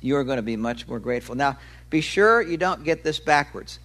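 A man's voice: medium pitch, lively intonation, moderate pace, fairly bright tone. A male preacher giving a sermon in a conversational way. He explains with everyday examples and stretches key words for emphasis.

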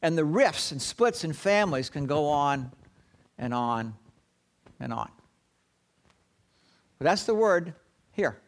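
A man preaching a sermon, telling the story dramatically and often dropping to a hushed, low tone. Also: animated, slow pace, long pauses. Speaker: pastor.

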